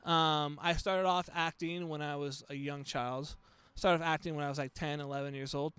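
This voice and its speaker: Smooth-voiced, laid-back comic man. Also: a little high, fairly even intonation, normal speed, a bit bright, no room sound. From Los Angeles. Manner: laid-back, rambling, playful voice bits. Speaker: standup comic guest. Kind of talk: casual chat.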